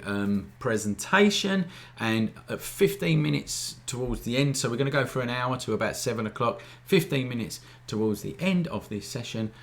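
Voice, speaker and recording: A low-voiced man runs a casual live-stream photography lesson. He talks in an informal, easygoing way and often tags his points with a quick check-in to the viewers. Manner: chatty, keeps asking "all right?"; informal, relaxed wording. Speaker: photography teacher hosting a live Q&A.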